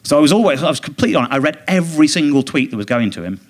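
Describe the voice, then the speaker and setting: A man, a comedian guest, telling a rambling, indignant anecdote with quick mimicked quotes in casual talk on a theatre stage. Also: fairly high pitch, very animated. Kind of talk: casual anecdote in a live podcast interview.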